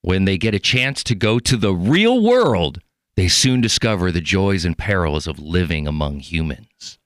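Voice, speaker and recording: A man hosting a podcast in casual chat, animated and rambling with lots of fillers. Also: sits low, moderate pace, no room sound, clean studio sound. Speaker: podcast host.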